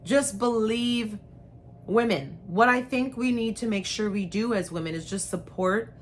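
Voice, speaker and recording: A woman's voice: on the high side, a little slow, slight background noise. A young adult woman hosting her own channel, talking frankly and chattily to camera with slangy asides. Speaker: host. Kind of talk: casual chat to camera.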